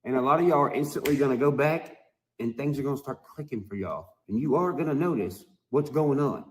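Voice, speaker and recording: A man ranting to his video audience in a heated, profane monologue full of emphatic, drawn-out phrases. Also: mid-range voice, a little hiss or hum. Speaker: musician vlogger.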